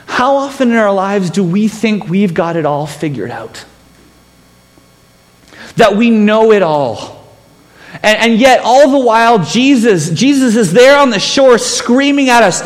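A man's voice: sits high, lively intonation, a little slow, big-room sound. A man preaching a sermon as pastor, telling stories with self-mocking humor.

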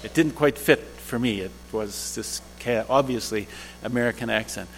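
A man's voice: mid-range voice, moderate pace, vocal fry, husky. Man telling stories in a reverberant hall. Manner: retells conversations in dialogue. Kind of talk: storytelling talk. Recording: long reverb of a large hall.

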